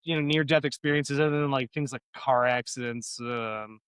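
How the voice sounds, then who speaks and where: A man's voice: mid-range voice, moderate pace, fairly bright tone, clear, resonant tone, no room sound. A man co-hosting a podcast, telling long profane stories in a loose, rambling way. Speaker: podcast co-host. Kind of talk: casual podcast chat.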